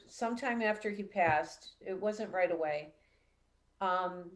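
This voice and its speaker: A middle-aged woman hosting a live call-in show as a psychic medium, telling a personal story in a chatty, animated way. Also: medium pitch. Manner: chatty, animated when retelling dialogue.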